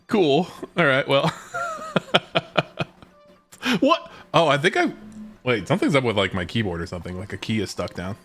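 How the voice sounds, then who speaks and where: An excitable male streamer chatting casually over his game, his voice swooping wildly from low mutters up to squeaky disbelief. Faint music sits quietly underneath. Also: normal speed, long pauses. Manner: excitable, bursts into high-pitched disbelief and laughter. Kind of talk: casual gaming stream chat.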